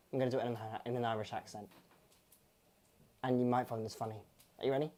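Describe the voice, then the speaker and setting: A woman's voice: rumbling low, fairly even intonation, fast, long pauses, dark tone. A woman hosting a home cooking demonstration, chatty and friendly, slipping in corny jokes. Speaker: cooking show host.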